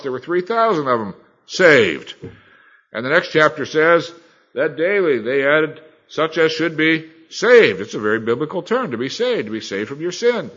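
A man's voice: mid-range voice, a bit bright. Guy preaching, earnest and punchy, sounds kinda dull and lo-fi. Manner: earnest, emphatic, with sudden dynamic swings. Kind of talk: sermon.

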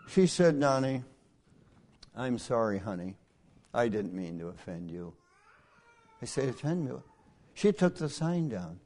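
A middle-aged male preacher delivering a sermon through folksy personal stories, swinging from hushed asides to loud, emphatic lines. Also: mid-range voice, animated, unhurried, pauses often.

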